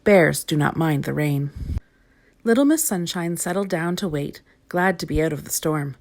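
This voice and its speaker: A woman reading a children's storybook aloud, expressive and clear. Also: deep voice, normal speed.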